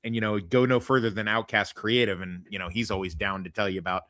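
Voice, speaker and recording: A man's voice: fairly low pitch, flat delivery, quick pace, sharp tone, no echo, studio quality. A man hosting a podcast in casual, crude chat, rambling and joking at his own expense. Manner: rambling, self-deprecating, crude jokes. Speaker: podcast host.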